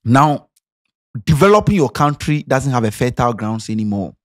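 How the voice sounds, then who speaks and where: A man's voice: medium pitch, big pitch swings, moderate pace. A Ghanaian man giving passionate, sarcastic social commentary, firing off rhetorical questions. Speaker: commentary vlogger.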